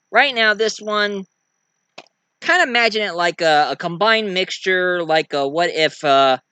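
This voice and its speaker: A young man rambles through a casual movie review, flaring up excitedly now and then. His pitch swings widely, and his tone is very bright. The sound is close and dry. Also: clean tone, no echo.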